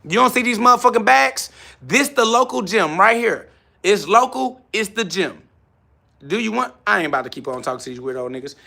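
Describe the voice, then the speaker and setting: A man's voice: high-pitched, animated, fairly quick, creaky, pushed and bright. A man hosting a live stream from his garage gym, answering viewer comments in a brash, boastful, repetitive rant. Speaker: livestream host.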